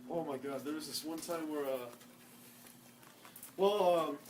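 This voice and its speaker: Young man rambling through a high-pitched story. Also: a little slow, a little mellow, a little hiss or hum. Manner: rambling storyteller, swears a lot, acts out quoted voices. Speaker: podcast co-host. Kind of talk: casual chat among friends.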